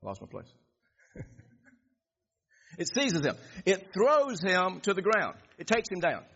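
A pastor preaching a sermon, reading scripture and repeating phrases for emphasis. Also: male voice, high voice, huge pitch swings, a little slow, vocal fry, bright, forceful tone, breathy edge. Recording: dull echoey hall.

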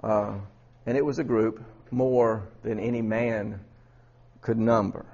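A man's voice: on the low side, steady tone, slow pace, warm tone, lo-fi sound. A man preaching a Bible lesson in a conversational way, with many restarts and rhetorical questions. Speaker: preacher teaching a Bible study. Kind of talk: sermon.

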